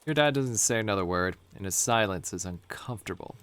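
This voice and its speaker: A man's voice: on the low side, animated, brisk, fairly bright tone, clear, resonant tone. A man playing a horror game on his channel, reading the text aloud and reacting with jokes and laughter. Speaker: let's play host.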